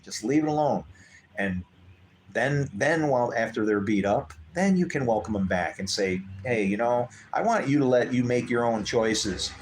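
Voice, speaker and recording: A man hosting a live stream in a casual storytelling chat, animated and acting out quoted voices with big jumps in pitch. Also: a little hiss or hum. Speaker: livestream host.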